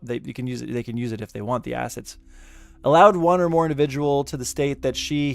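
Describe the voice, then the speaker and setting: A man's voice: medium pitch, clear, resonant tone. A man giving casual reaction commentary while reading a lawsuit aloud, exasperated and sarcastic, stumbling over the legal wording. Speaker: commentary YouTuber.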